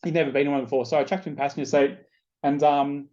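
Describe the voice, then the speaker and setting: A man's voice: on the high side, steady tone, racing, mellow, lo-fi sound. A man with an Australian accent hosting a podcast, telling a casual story with plenty of swearing. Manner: chatty, loose, swears freely. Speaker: podcast host.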